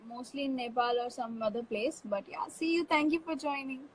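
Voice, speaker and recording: Upbeat female live-streamer, high-pitched, reads comments aloud, faint background noise. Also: fairly quick, low-quality recording. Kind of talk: casual live-stream chat.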